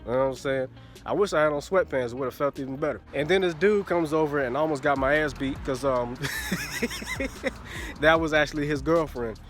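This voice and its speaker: A man's voice: on the high side, quick pace, fairly bright tone. A man in his twenties telling a crude storytime vlog into his phone, laughing often and repeating a filler phrase. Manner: crude, laughing, keeps saying "you know what I'm saying". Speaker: vlogger. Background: faint background music.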